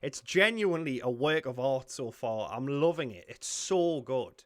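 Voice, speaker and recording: A young man with a Geordie accent, reacting to a film with excitable, sweary commentary. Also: mid-range voice, a little slow. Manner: excitable, sweary, blurts out shock. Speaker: reaction video host.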